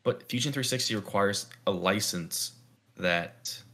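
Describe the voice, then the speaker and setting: A man's voice: fairly low pitch, unhurried, bright, forceful tone. A young man co-hosting a casual podcast chat, rambling and thinking aloud with lots of "like". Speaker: podcast co-host.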